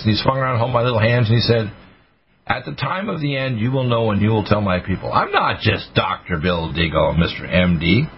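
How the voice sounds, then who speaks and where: A man's voice: mid-range voice, husky. Ranting man on lo-fi radio. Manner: ranting, emphatic, grandiose. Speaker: radio show host. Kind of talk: radio talk monologue. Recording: dull lo-fi radio audio.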